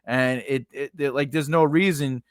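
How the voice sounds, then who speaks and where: A man's voice: medium pitch, steady tone, normal speed, dry recording, clean studio sound. A man giving a casual lesson on building grammar for invented languages, rambling and correcting himself, often checking in with "right?". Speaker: writing teacher.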